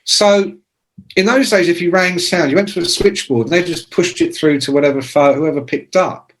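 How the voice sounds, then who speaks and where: A man in his sixties, a music journalist, telling anecdotes as a podcast guest, casual and swearing, with loud imitations. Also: fairly high pitch, normal speed, a little hiss or hum. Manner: animated anecdotes with shouted imitations. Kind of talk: casual storytelling.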